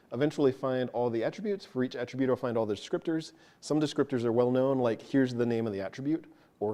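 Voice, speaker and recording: Speaking in a dark, mid-range voice, a man gives a relaxed live code walkthrough at a tech meetup. He explains each step to the audience and drops in self-deprecating remarks.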